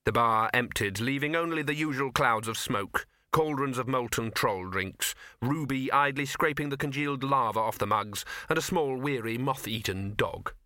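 A man's voice: mid-range voice, moderate pace, hardly any pauses, sharp tone, no room sound. A man narrating a comic fantasy audiobook in a dry storytelling manner. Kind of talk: scripted narration.

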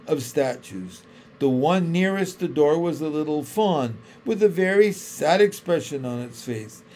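A man reading a storybook aloud in a slow, expressive narrating voice. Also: a little high, a little hiss or hum. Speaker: audiobook reader.

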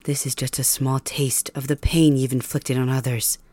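A woman voicing a cold, cruel young male king, calm and mocking, in an ASMR audio role-play. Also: extremely low pitch, moderate pace, dry recording. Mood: coldly cruel.

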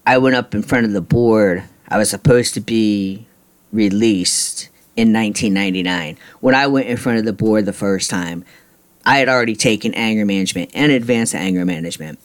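A man's voice: on the low side, moderate pace. A middle-aged man hosting a podcast, telling a personal story in a blunt, frustrated, ranting way with casual swearing. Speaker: podcast host.

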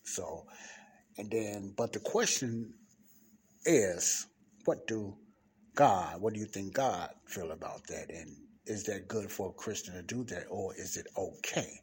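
A man giving an informal podcast Bible teaching in a library study room, rambling and repeating himself while keeping his voice low, close to the mic. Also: a little slow. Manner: rambling, repeats and restarts words, talks low and quiet. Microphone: speaking close to the mic. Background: faint passing traffic.

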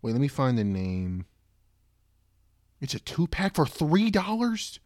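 A young man hosting a casual solo podcast who rambles, swears and breaks into loud, disbelieving outbursts. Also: mid-range voice, wildly swooping pitch, slow pace, long pauses, no room sound. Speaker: podcast host.

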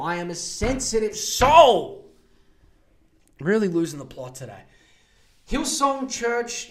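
A man with an Australian accent hosting a podcast, ranting in a profane, mock-outraged comic tirade. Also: sits high. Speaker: podcast host. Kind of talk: comedic rant. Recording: echoey room.

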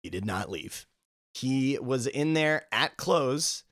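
A man's voice: medium pitch, expressive, slow pace, fairly bright tone, no room sound, clean studio sound. A man co-hosting a podcast, telling a long story in a casual, rambling way with lots of fillers. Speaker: podcast co-host.

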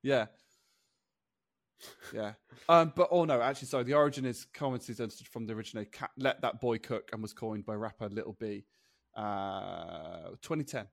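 A man's voice: on the low side, moderate pace, gravelly, no echo, studio quality. A man, co-hosting a casual podcast chat, talking loosely and laughing often while he reads things out. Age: 30s. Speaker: podcast co-host.

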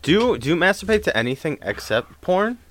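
A man co-hosting a podcast, chiming in with quick agreement and teasing questions in crude banter. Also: sits high, very animated, a bit bright. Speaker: podcast co-host.

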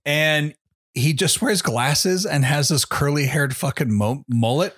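A podcast co-host with a voice on the high side speaks at a measured pace, retelling a movie in casual chat. He's an animated storyteller who swears heavily and acts out quotes, and the recording is dry and studio quality.

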